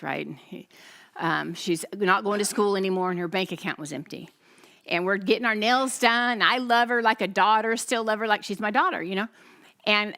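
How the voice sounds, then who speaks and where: This pastor's voice sits at medium pitch as she gives her congregation a testimony sermon. She narrates vividly, taking on the voices of those she quotes.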